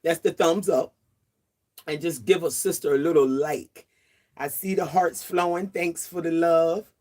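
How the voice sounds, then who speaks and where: A woman's voice: sits low, unhurried, darkish tone. A woman in her sixties hosting a casual livestream chat outdoors, chatty and laughing often as she greets viewers. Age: 60s. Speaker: livestream host.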